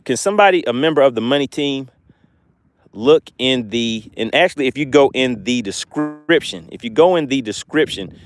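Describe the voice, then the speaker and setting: A man's voice: mid-range voice, animated, moderate pace. A man with a Southern US accent, from Georgia, hosting a fishing livestream outdoors by the water and chatting casually with viewers. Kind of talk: casual live-stream chat, reading comments.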